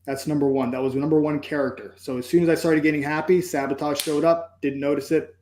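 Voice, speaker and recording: Earnest higher-voiced man in echoey room. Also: steady tone, fast, a little mellow. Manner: earnest, reflective, acts out inner dialogue with "I'm like". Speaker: podcast guest, entrepreneur. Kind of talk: emotional personal storytelling.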